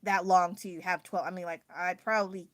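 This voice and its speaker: A woman's voice: fairly low pitch, steady tone, moderate pace, no room sound, clean studio sound. A woman with an American accent chatting casually on a livestream, rambling and laughing often as she answers her chat. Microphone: phone.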